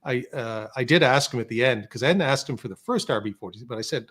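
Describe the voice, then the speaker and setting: A man's voice: medium pitch, fast, a bit bright, slightly rough. A man on a podcast in a studio, telling rambling stories in casual chat, full of restarts and quoted dialogue. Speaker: podcast guest, filmmaker.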